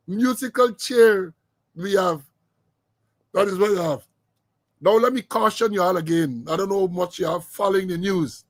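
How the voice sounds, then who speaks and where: A middle-aged man gives casual political commentary as a show host. His voice sits high for a man and sounds close and dry, with no room around it. He is emphatic and circles back over his words to press a point. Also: no room sound. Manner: emphatic, repeats phrases for weight. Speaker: podcast host.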